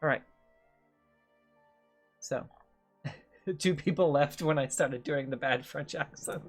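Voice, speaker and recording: A man's voice: on the high side, slow, long pauses, soft background music. A man acting as game master, chatting with his players in a casual, self-mocking way. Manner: chatty, laughing at himself. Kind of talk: narrating a tabletop game.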